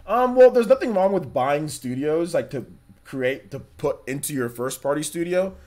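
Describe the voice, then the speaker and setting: A man's voice: on the high side, lively intonation, normal speed, darkish tone. Casual rambling male livestream host. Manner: rambling, filler-heavy, addresses chat directly. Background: faint background music.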